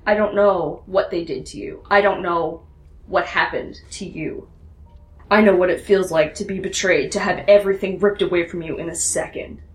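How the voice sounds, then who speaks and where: A woman's voice: lowish voice, fairly even intonation, close to an everyday voice. A woman voicing an anguished rebel pilot. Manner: earnest, pleading, slow deliberate pauses. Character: young woman rebel pilot, fierce and hurt. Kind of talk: tabletop role-play. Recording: roomy echo.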